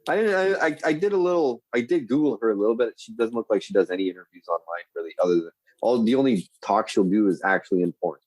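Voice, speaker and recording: Husky-voiced man hosting a podcast. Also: on the low side, darkish tone. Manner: halting, many restarts. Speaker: podcast host. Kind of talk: casual chat.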